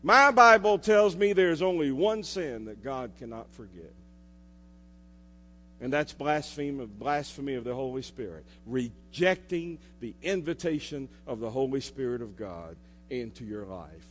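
A pastor preaching a sermon, swinging between loud declarations and hushed asides and putting questions to the congregation. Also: male voice, medium pitch, expressive, measured pace. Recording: reverberant hall with mains hum.

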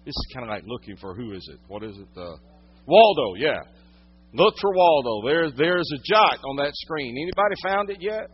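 A man preaching a sermon, teaching from the Bible, swinging from loud emphatic lines to hushed quiet ones. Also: a little high, sing-song, moderate pace, breathy edge, muffled recording. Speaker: pastor.

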